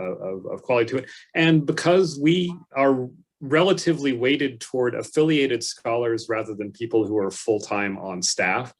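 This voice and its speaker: Measured man on a panel. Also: mid-range voice. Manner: thoughtful, measured, with fillers. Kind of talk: unscripted panel discussion.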